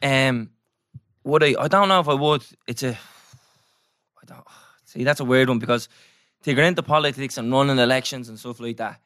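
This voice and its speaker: A man with an Irish accent, co-hosting a podcast in casual chat and getting animated as he rants. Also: medium pitch, normal speed, clean tone, dry recording, clean studio sound. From Ireland. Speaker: podcast co-host.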